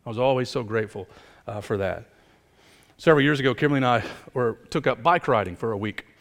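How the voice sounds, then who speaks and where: Male pastor, middle-aged, emphatic sermon delivery, mid pitch, reverberant sanctuary. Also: lively intonation, quick pace. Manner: emphatic preaching, building up and then dropping low. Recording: long hall reverb.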